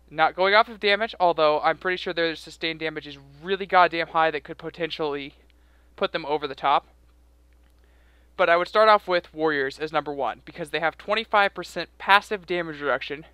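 A man's voice: on the high side, brisk, pushed and bright, clean tone, no room sound. A young man out of breath, giving rambling, self-correcting casual commentary on a game. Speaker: game video creator.

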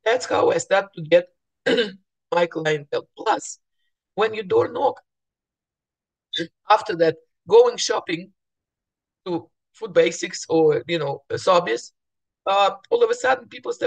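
Her mid-range voice has vocal fry, and she speaks unhurriedly with frequent pauses. This woman, a real estate agent, chats with colleagues in her morning voice, clearing her throat, restarting, and playing out bits of conversation in her stories.

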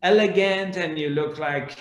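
An insistent old mystic, put on by a man storyteller pushes his questions in a raised, lifted voice. The recording has a roomy echo. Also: a little slow. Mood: chiding. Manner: insistent, higher and louder than the narrator. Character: persistent curious old man, calm mystic.

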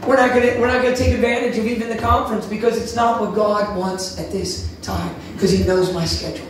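A man preaching with a strikingly high voice, telling animated stories and breaking into sudden shouts. He is caught from a distance in a very echoey room. A faint hiss sits under the recording. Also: fairly quick. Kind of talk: sermon wrap-up.

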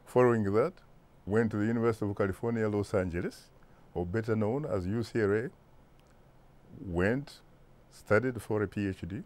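Ugandan guy in his 60s being interviewed, low voice, emphatic, keeps saying guess what. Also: darkish tone. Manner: deliberate, emphatic, rhetorical asides. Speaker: interview guest, broadcast journalist. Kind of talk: interview answers.

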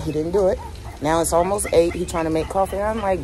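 A middle-aged woman talks to camera in a casual, candid vlog chat, airing her frustrations openly. Her voice sits low but swings widely in pitch as she talks. A faint hiss sits behind her. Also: lively intonation, fast, dark tone. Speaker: vlogger.

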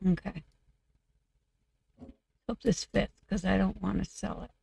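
Her voice is gravelly, dark, and slightly rough, steady in tone and unhurried, at a medium pitch. This video game creator talks casually through her gameplay, muttering to herself as she works, her voice a bit off and broken by coughs.

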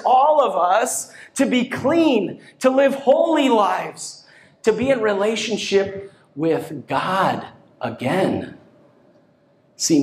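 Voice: medium pitch, echoey room, slight background noise. A pastor delivering a sermon to a congregation, with emphatic rising bursts. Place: church hall.

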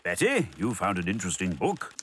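A British man narrating a preschool cartoon in a gentle storybook manner. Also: low-pitched, wildly swooping pitch, brisk, husky. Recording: dry studio voice-over with music.

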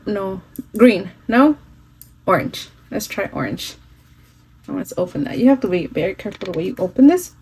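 A woman's voice: fairly high pitch, rough recording. Chatty woman. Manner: chatty, switching into Spanish phrases, some swearing. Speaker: makeup vlogger. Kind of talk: casual makeup tutorial chat. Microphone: phone.

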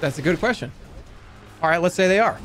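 A man's voice: sits high, lively intonation, fast talker, a bit bright, soft background music. A man streaming a game, chatting casually, swearing and flying into frustrated outbursts. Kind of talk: casual gaming stream chat.

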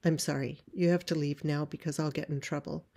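A woman's voice: low-pitched, steady tone, a little fast, vocal fry, dark tone. A woman voicing a regretful father sending a girl away.

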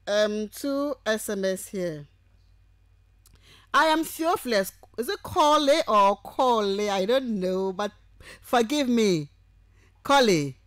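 A woman lecturer, teaching on radio and taking calls, who speaks warmly and affectionately and repeats points patiently. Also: a little high, no echo. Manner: affectionate, calls listeners sweetheart and my dear. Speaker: university lecturer. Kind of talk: radio lecture with call-ins.

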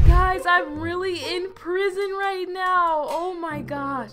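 A woman's voice: very high-pitched, steady tone, takes it slowly, few pauses, over music. A woman narrating her own character in a game roleplay, chatty and dramatic, full of indignant slang. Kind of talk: casual game roleplay commentary.

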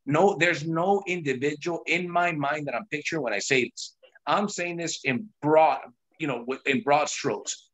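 A man's voice: on the high side, fairly bright tone. Emphatic man giving a sales pep talk. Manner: emphatic, pushy, storytelling with lots of repetition. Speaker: host of a sales team call. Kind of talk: motivational sales talk on a call.

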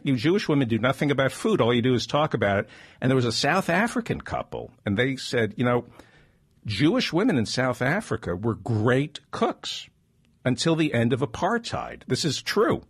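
A man hosting a comedy podcast, telling jokes and stories in animated banter. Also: mid-range voice, breathy edge. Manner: animated joke-telling, quick asides. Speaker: host.

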